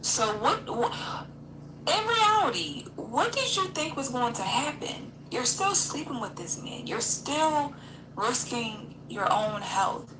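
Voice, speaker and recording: A woman's voice: sits high, sing-song, slow. A woman co-hosting a reaction video, questioning and blunt in casual commentary. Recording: roomy room with background noise.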